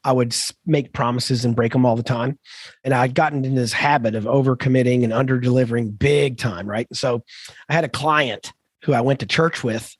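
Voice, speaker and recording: A man in his fifties, a podcast co-host, telling a story in an animated, emphatic way with lively asides. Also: medium pitch, a little fast, dry recording. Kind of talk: conversational storytelling.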